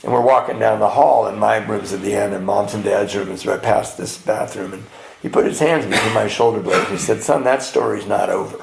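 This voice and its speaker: A man telling his recovery story at a men's retreat, animated and laughing, acting out the people in it. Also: fairly low pitch, fairly quick, gravelly. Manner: animated storyteller, acts out voices, laughs often. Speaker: retreat speaker. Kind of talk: personal recovery testimony with humor. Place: retreat meeting hall. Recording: echoey hall with faint background noise.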